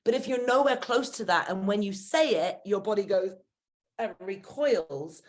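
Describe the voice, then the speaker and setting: Woman, confidence coach, earnest, encouraging, mid-pitched, interview chat. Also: lively intonation, normal speed. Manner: earnest, encouraging, acts out inner voices. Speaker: guest speaker and confidence coach. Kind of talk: podcast interview.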